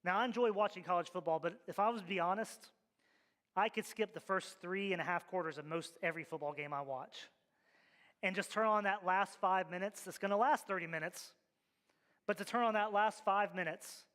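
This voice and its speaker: A man's voice: high voice, brisk, a bit bright. A male pastor preaching a sermon, with emphatic, rhythmic repeated refrains, in a church sanctuary. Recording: long reverb of a large hall.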